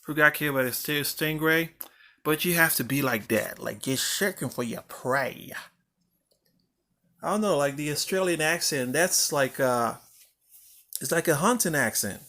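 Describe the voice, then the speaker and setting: A man's voice: fairly high pitch, moderate pace, pushed and bright. A man giving a casual motivational monologue for his vlog, rambling and repeating phrases for emphasis, with the odd swear word. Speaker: vlogger.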